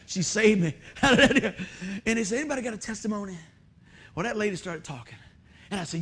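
A man preaching a sermon, animated and often laughing as he tells a funny personal story. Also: high voice, brisk, pauses often, husky. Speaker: preacher and musician.

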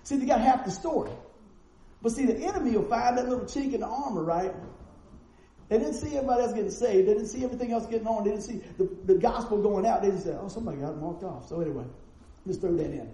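A male preacher delivering a storytelling sermon, animated and acting out the people in his stories, in a church sanctuary. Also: high voice, fast. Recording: roomy echoing sound with faint noise.

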